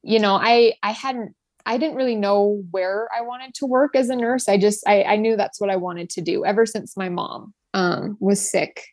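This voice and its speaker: A young woman in her twenties talks earnestly and gratefully about her work as a nurse, often restarting her sentences and filling gaps with "like" and "you know". Her voice sits at a middle pitch, and the room is dry and close. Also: steady tone, normal speed, a little mellow, dry recording. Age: 20s. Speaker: guest, nurse. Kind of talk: personal story in an interview.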